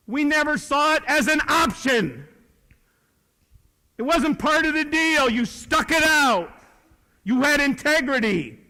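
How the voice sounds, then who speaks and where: A man in his sixties, a retired teacher, gives a folksy, plainspoken talk to high school students, swinging from loud to hushed. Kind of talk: motivational speech to students. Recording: long reverb of a large hall.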